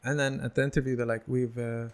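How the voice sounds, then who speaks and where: A man's voice: mid-range voice, fast talker. A man, a comedian guest telling stories in a casual podcast chat and acting out other people's lines. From United Arab Emirates. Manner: animated storyteller who acts out other people's lines.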